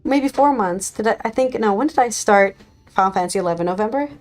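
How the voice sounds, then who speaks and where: A woman with a medium-pitched voice and lively intonation talks fast while streaming a video game. Her commentary is casual, playful, and full of jokes, and she laughs often. Faint game music plays in the background.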